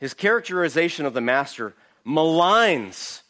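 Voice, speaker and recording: Male preacher, slightly high voice, emphatic Bible teaching with rhetorical questions. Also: very animated, normal speed, pushed and bright. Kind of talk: sermon, verse-by-verse Bible teaching.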